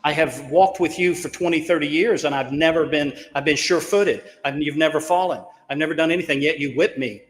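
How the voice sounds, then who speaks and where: A man's voice: on the high side, a little fast, few pauses, reverberant, big-room sound, lightly acted. A man voicing a loyal, wounded old donkey. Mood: pleading.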